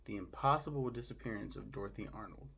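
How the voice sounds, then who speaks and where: A man hosting a casual solo review from home, talking fast, rambling and swearing freely. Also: fairly low pitch, vocal fry, fairly bright tone, breathy edge. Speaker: host reviewing a show.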